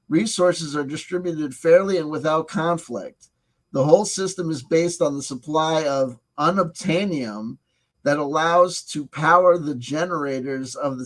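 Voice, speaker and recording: A man hosting a casual review of a tabletop game supplement. He reads passages aloud and breaks off into sarcastic, profane asides. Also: a little high.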